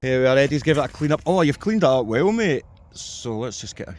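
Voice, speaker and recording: A man's voice: medium pitch, very animated, quick pace, darkish tone. A Scottish man hosting a casual outdoor vlog, joking, teasing and laughing readily. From Scotland. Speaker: channel host. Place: outdoors in a field.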